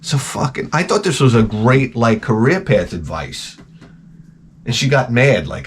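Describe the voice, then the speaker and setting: A man's voice: medium pitch, expressive, unhurried, a little hiss or hum. A man hosting a show, rambling through crude comedic chat and trailing off into mumbled asides. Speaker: show host.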